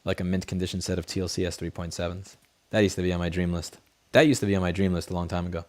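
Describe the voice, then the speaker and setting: A man's voice: sits low, steady tone, rapid-fire. A man hosting a casual livestream, reading viewer messages and telling blunt, profane, rambling stories. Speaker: livestream host. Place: home studio desk. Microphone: studio headset mic.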